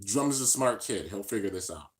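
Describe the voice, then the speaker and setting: A man hosting a live reaction stream in casual, slangy chat, swinging between hyped shouts and low mumbles. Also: moderate pace. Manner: excitable, slangy, keeps saying "dude".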